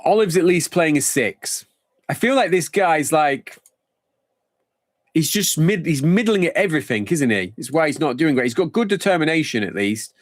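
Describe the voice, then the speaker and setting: A man's voice: fairly high pitch, lively intonation, normal speed, dry recording, clean studio sound. A man streaming a football management game live, thinking aloud in a rambling, casual way.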